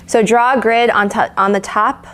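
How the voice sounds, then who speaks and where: A woman's voice: fairly high pitch, steady tone, moderate pace, a bit bright. A woman leading a live lettering lesson, chatty and encouraging, with fillers and restarts. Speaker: art instructor.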